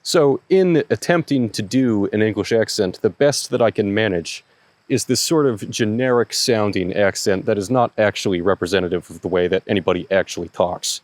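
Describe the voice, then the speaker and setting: An American man, a historical reenactor hosting his own channel, explaining a question to camera in a measured, point-by-point way. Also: lowish voice, dry recording. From United States.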